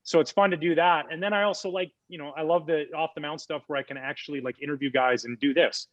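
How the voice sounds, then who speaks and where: A man in his forties, a former ball player guesting on a podcast, telling a story in a lively, casual way with many fillers. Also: on the high side, fast, dry recording, muffled recording.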